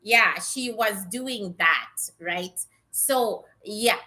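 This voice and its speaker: A woman's voice: mid-range voice, extremely slow, pushed and bright. A woman giving a casual, blunt psychic reading to her viewers, chatty and swearing freely. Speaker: psychic reader.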